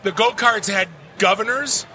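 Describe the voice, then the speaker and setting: High-voiced man chatting at a noisy con. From Detroit area, Michigan. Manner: rambling storyteller, joking, quick asides. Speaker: podcast host. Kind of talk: casual convention chat. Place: booth on a convention floor. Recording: noisy convention floor.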